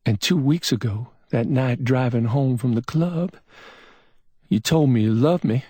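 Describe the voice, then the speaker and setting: A man voicing a frightened, evasive young woman in an audiobook crime story, pleading in a high, strained voice. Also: unhurried, mellow, breathy edge, dry recording. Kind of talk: audiobook character voice.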